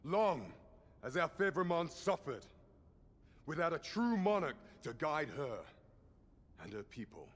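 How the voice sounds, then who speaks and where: A man's voice: a little high, sing-song, measured pace, long pauses. A man voicing a grand male royal herald who proclaims to a crowd in ceremonious, old-fashioned speech. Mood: proclaiming. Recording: long reverb with game music behind.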